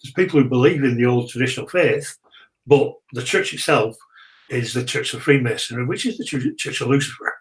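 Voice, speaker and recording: A man appears as a guest in a relaxed interview with a mid-pitched, ordinary voice. He speaks assertively and drops in short agreements while the host talks. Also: fairly quick, rough recording. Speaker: guest filmmaker. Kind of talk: casual conversational interview.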